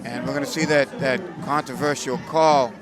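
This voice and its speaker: A man giving casual, hesitant color commentary on a high school football game from the press booth. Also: fairly even intonation, normal speed. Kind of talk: local sports commentary. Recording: loud crowd and music behind.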